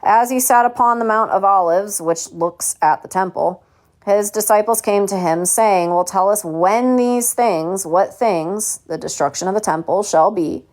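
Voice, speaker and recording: A woman's voice: mid-range voice, unhurried. A woman teaching a Bible study in a preachy, mocking tone, asking rhetorical questions and reading scripture aloud. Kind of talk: home Bible study sermon.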